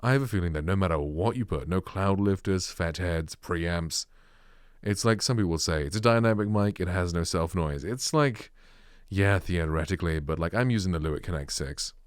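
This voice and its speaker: A British man with a dark, bassy voice reviewing microphones in a casual vlog, rambling with lots of "like" and fillers. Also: normal speed, smooth, no echo, clean studio sound. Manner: rambling, filler-heavy, full of "like". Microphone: close studio microphone.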